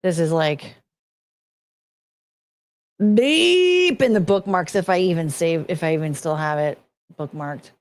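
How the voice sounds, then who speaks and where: Slow-talking giggly woman streamer. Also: lowish voice, animated, no echo, clean studio sound. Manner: chatty, giggly, frank and crude, with many restarts. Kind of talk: casual chat with viewers.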